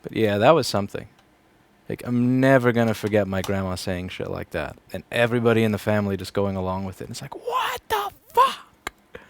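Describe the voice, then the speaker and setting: Gravelly-voiced man rambling sardonically. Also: fairly low pitch, fairly even intonation, fast, no echo. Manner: rambling, sardonic, swears freely. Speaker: repair technician. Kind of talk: casual livestream chat while working. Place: repair shop.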